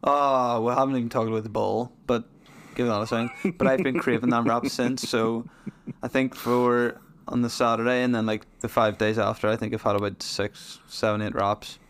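A man's voice: mid-range voice, little pitch movement, normal speed, few pauses. A man co-hosting a podcast, chatting casually in a rambling, self-deprecating, playful way. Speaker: podcast co-host. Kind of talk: casual chat.

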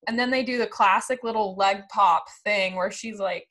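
A woman's voice: mid-range voice, normal speed, fairly bright tone. A woman with a mid-range voice co-hosts a casual chat. She is blunt and irritated, and she swears as she gives her opinions. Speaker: podcast co-host.

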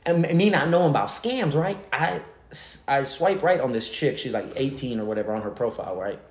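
A man's voice: medium pitch, a little fast, reverberant. A man in his late twenties telling a story in casual slang, laughing often as he talks. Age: late 20s.

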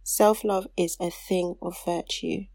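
A woman's voice: lowish voice, steady tone, slow pace, darkish tone, no room sound. A woman on a casual chat show, reading aloud a heartfelt letter she wrote to her younger self. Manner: heartfelt, turns tearful and laughing while reading.

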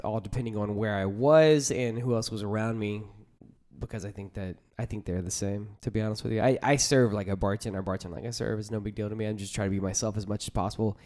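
A man's voice: fairly low pitch, darkish tone. A man chatting as a podcast guest, joking around and telling long rambling stories about his work. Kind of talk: casual podcast chat.

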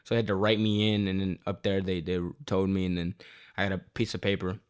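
A young man in his twenties with a lowish voice rants in casual chat. His delivery is animated and heavy on slang and swearing. He sounds loose and unscripted throughout. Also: fast talker, clear, resonant tone. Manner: animated, profane, slangy storytelling.

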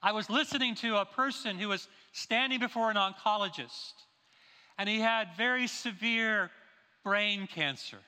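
A male pastor preaches with a high, bright, forceful voice, driving his points home with rhetorical questions. His words ring out through a church sanctuary with a long, lingering reverb. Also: normal speed, clean tone. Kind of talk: sermon. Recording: long reverb of a large hall.

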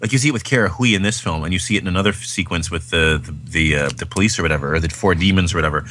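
Deep-voiced man rambling about movies. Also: rapid-fire, fairly bright tone, a little hiss or hum. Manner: rambling, enthusiastic, many fillers. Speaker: podcast co-host. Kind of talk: casual film chat.

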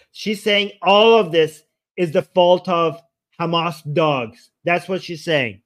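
A man's voice: a little high, measured pace, background noise. A man hosting a livestream, reacting heatedly to a clip, trading insults and rambling while he screen-shares videos. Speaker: livestream host.

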